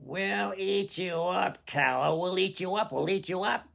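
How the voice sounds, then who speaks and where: A man's voice: measured pace, vocal fry, fairly bright tone, full character voice. A man voicing a gang of hideous goblins that shriek and chant their words over and over. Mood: menacing. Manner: shrill, chanting, repeating words.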